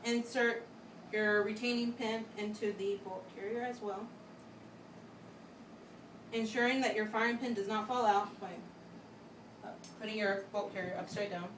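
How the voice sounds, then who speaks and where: A young woman giving a step-by-step class demonstration speech, talking methodically with pauses and restarts. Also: medium pitch, fairly even intonation. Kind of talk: step-by-step instructional demo. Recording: echoey room, voice from a distance, faint background hum.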